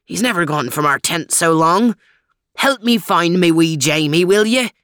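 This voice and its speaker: A woman's voice: on the low side, lively intonation, moderate pace, fairly bright tone, no room sound, clean studio sound. A woman voicing an anxious, loyal male dog with a Scottish accent who talks in homely dialect, for a storybook. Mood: worried. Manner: homely dialect, earnest pleading.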